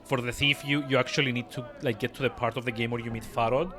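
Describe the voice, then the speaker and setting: A man's voice: medium pitch, steady tone, quick pace, a bit bright, faint music behind. A man giving rambling live let's-play commentary, full of fillers. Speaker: streamer.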